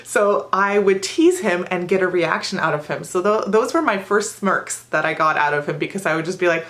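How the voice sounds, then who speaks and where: A woman ESL teacher sharing tips in a lively storytelling way, acting out her students and herself. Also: mid-range voice, moderate pace, hardly any pauses.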